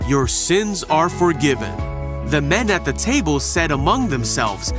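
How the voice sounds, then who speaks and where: Guy telling a bible story for kids, lively tone, music in the back. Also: a little high, a little slow.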